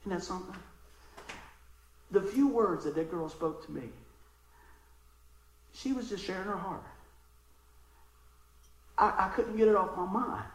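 A man preaching a sermon, telling stories in a conversational way and breaking into loud bursts of emphasis. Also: high voice, a little slow, long pauses, roomy sound, rough recording. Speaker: pastor.

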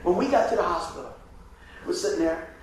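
A man preaching a sermon as pastor, telling a hospital story in an animated way and acting out the voices. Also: high-pitched, brisk, slight background noise. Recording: echoey room from a distance.

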